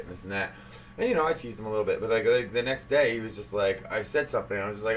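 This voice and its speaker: Bright-voiced rambling man. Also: lowish voice, fast, a little hiss or hum. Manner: rambling storyteller, swears freely. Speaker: talk show panelist. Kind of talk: casual chat. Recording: distant mic.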